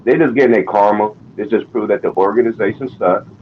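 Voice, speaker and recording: A man's voice: lowish voice, quick pace. A man on a sports panel call, ranting in a profane, exasperated way. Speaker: panel guest. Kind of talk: heated sports chat. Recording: dull lo-fi call audio with faint noise.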